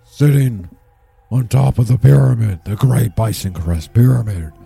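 A man playing a bumbling, self-important townsman under hypnosis, who talks in a rambling, excitable, panicky way. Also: medium pitch, measured pace, creaky, breathy edge, no echo, soft background music, heavily acted.

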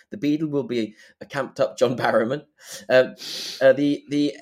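A man's voice: mid-range voice, darkish tone. A man co-hosting a podcast, reading a recap of a guest's choices and chatting. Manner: brisk, reads out a recap list. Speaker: podcast co-host. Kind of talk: casual podcast chat. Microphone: remote call.

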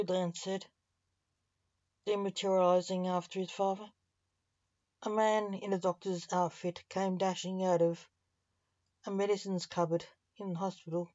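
A woman narrating a short story in a steady, measured reading voice, in a dull, dry, lo-fi recording. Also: lowish voice, no echo.

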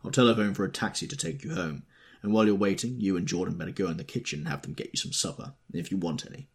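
A man reading as a gruff, commanding rich man. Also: sits low, animated, brisk, darkish tone. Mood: firm. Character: brusque, forceful wealthy man taking charge. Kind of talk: audiobook character reading.

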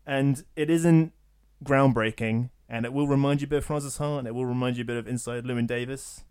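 A man hosts a casual podcast chat, with a voice of middle pitch. He talks in a sardonic, jokey way, throwing in quick asides. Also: flat delivery, darkish tone, clear, resonant tone. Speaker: podcast host.

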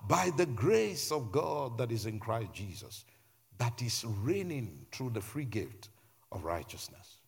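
Male pastor, sermon, lively swooping pitch, husky voice, repeating phrases for emphasis. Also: slow pace. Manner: preaching with repetition and rising emphasis.

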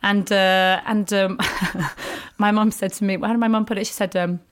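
A woman's voice: mid-range voice, moderate pace. A woman comedian in her thirties as an interview guest, chatting candidly and acting out quoted voices as she tells stories. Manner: animated storyteller, acts out quoted voices.

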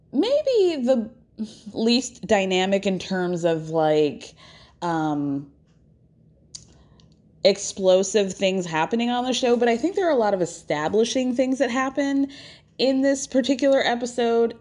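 A woman's voice: mid-range voice, mellow. A woman hosting a casual recap, talking animatedly and laughing often as she acts out what others said. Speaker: podcast host recapping reality TV.

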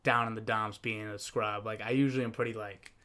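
A man's voice: on the low side, fairly even intonation, brisk, sharp tone. Young male podcast host, chipper and playful, casual banter. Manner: upbeat, jokey, playful teasing. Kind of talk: casual chat.

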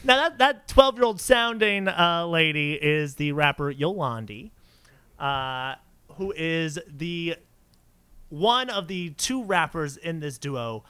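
Giggly bright-voiced podcast host. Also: male voice, on the high side, expressive, slow, smooth. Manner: laughs often, stumbles over names. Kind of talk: casual chat.

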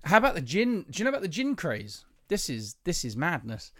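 A man's voice: fairly high pitch, huge pitch swings, fairly quick, fairly bright tone, no echo, studio quality. A man co-hosting a podcast in casual chat, eagerly sharing trivia and laughing as he goes. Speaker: podcast co-host.

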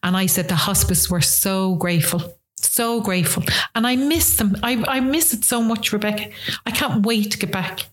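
A woman's voice: medium pitch, normal speed. An Irish woman of about sixty telling stories in casual conversation, with a chatty anecdotal manner and frequent restarts. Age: around 60. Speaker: guest.

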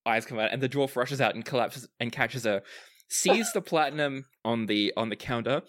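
A man narrating a tabletop game as game master, lively and hesitant with fillers. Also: medium pitch, moderate pace.

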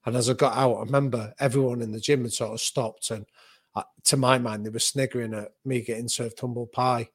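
A man recounting a story in a dry, close-sounding recording. He tells it in vivid, anecdotal detail, restarting quickly when the words run ahead of him. His voice sits at an ordinary middle pitch. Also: steady tone, slightly rough, no room sound. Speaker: boxing coach and author. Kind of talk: animated conversational storytelling.

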